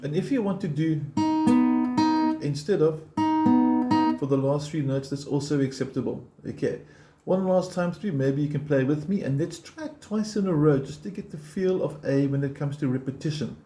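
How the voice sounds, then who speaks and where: Speaking at a moderate pace in a fairly high voice, a male guitar teacher walks through picking one step at a time. He counts the beats out loud and stays patient and encouraging, while loud guitar fills the roomy-sounding recording.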